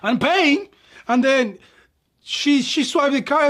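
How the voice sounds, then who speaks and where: A man's voice: extremely high pitch, lively intonation, slow, fairly bright tone. A young man, a ballet dancer from New York, chatting casually and animatedly, acting out dialogue and calling viewers "my people". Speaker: ballet dancer and channel host. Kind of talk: casual chat.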